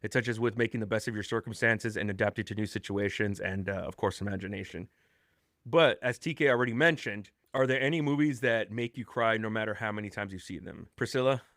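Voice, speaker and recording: A man's voice: fairly low pitch, brisk, fairly bright tone, no echo. Podcast host, male, easygoing and chatty, laughs often, dry sound. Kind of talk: casual chat.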